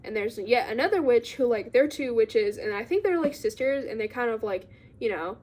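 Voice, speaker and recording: A young woman with a slightly high voice recaps a book in a loose, rambling way. She fills her talk with fillers and little giggly asides, chatting casually to her viewers. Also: animated, normal speed, a little mellow. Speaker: book vlogger.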